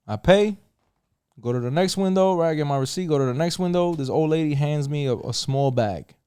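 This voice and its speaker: Man, new york accent, middle-aged, lively pitch, dry close sound, swearing storyteller. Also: normal speed, clean tone, no echo. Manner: animated, swearing, acts out other voices. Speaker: podcast co-host. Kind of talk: casual storytelling.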